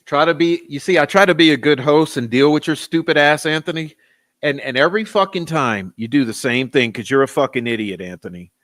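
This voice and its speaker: A man's voice: on the high side, fairly quick, fairly bright tone, dry recording, studio quality. A man, a former police investigator, answering interview questions in a plain, matter-of-fact way.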